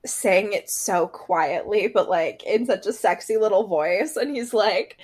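A woman's voice: medium pitch, lively intonation, unhurried, hardly any pauses, husky. A woman co-hosting a podcast, chatting casually about an episode with hesitant, filler-heavy speech and some laughter. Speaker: podcast co-host. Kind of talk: casual recap chat.

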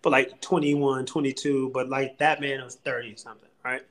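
A man co-hosting a podcast in casual chat, talking in an animated, emphatic way with plenty of slang. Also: medium pitch, moderate pace, poor audio. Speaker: podcast co-host.

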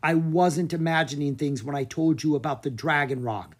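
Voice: mid-range voice, moderate pace, lightly acted. A narrator voicing an earnest young girl in a children's storybook, who talks in a pleading way.

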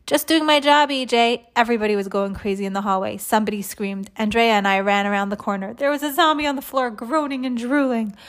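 A woman reading a children's chapter book aloud, lively, with small slips she corrects. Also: mid-range voice, fast talker, few pauses.

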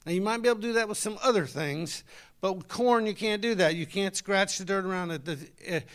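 A man's voice: high voice, clean tone. A middle-aged man, preaching a folksy, conversational sermon and talking with his congregation.

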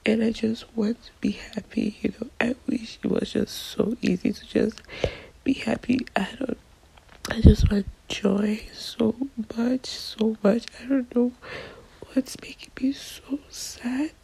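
An 18-year-old woman crying as she whispers a halting diary voice note into her phone. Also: on the high side, steady tone, creaky, warm tone, husky, low-quality recording.

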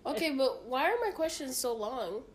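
A woman's voice: sits high, lively intonation, a little hiss or hum. Blunt, foul-mouthed young woman. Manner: blunt, swears a lot, quick comebacks. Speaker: podcast co-host answering a quiz. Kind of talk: casual chat.

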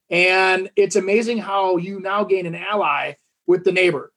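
A man's voice: high voice, fairly even intonation, moderate pace, few pauses, a bit bright. A man co-hosting a casual podcast chat, a talkative storyteller with lots of fillers and restarts. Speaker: podcast co-host.

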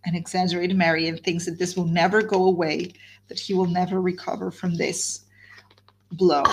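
A woman's voice: lowish voice, little pitch movement, moderate pace, husky. A woman hosting a guided reading, explaining a classic novel and rephrasing the story in plain words. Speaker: host leading a reading group.

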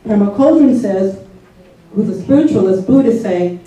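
A woman's voice: mid-range voice, expressive, normal speed, dark tone, muffled recording. A woman telling a personal story to an audience in a conversational way, often checking in with her listeners. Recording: echoey room from far off, faint noise.

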